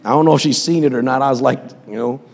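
A man's voice: medium pitch, fast talker, vocal fry, in a large hall. A man preaching a sermon as pastor, impassioned, with call-and-response asides to his congregation.

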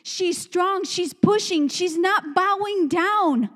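A woman's voice: extremely high pitch, slow, a bit bright. A woman preacher delivering a fervent sermon with emphatic, repeated phrases and calls to the congregation. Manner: fervent, call-and-response, repetitive emphatic phrases. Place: church sanctuary. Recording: long church hall reverb.

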